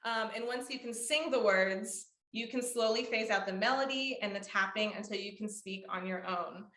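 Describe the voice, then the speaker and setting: A woman's voice: mid-range voice, moderate pace, fairly bright tone. Young woman music therapist talking a group through exercises, lots of ums, hums bits of melody, echoey room. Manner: explanatory, with many ums and sung demonstrations. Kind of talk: presentation to a support group.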